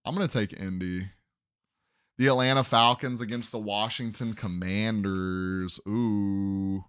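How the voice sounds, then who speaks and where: A man's voice: fairly low pitch, fairly even intonation, a little slow, a bit bright, clear, resonant tone, no room sound, studio quality. A young man hosting a sports podcast, casually running through game predictions and thinking aloud as he second-guesses his picks.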